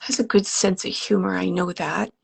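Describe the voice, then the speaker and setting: A woman with a gravelly, fry-tinged voice gives live readings as a medium. She talks gently and haltingly, with many pauses, and often sinks into a soft whisper as she relays messages. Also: mid-range voice, fairly even intonation. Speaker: psychic medium.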